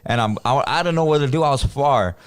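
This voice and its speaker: A podcast co-host with a clean, medium-pitched voice talks fast in a dry recording. He tells his story in a relaxed, slangy style, bringing quoted voices to life as an animated storyteller.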